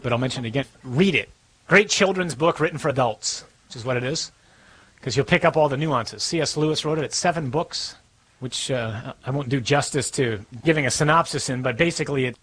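Husky-voiced priest preaching. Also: male voice, medium pitch, rough recording. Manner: conversational, emphatic, repeats for stress. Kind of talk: sermon.

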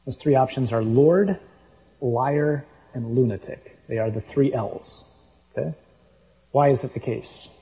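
A man's voice: mid-range voice, unhurried, mellow, low-quality recording. A man preaching a sermon, reading scripture aloud and making his points with emphatic, punchy delivery.

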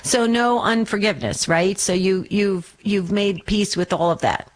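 A woman hosting a call-in radio show, affirming callers with gentle encouragement. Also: medium pitch, measured pace.

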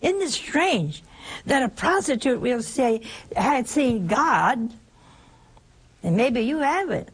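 A woman preaching a sermon in an animated way, with many rhetorical questions and little acted-out exchanges. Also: a little high, slow pace, pauses often, husky.

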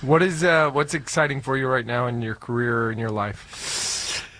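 A man's voice: mid-range voice, normal speed, sharp tone. A male host chatting casually and telling stories to his guest. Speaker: podcast host. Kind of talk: casual chat.

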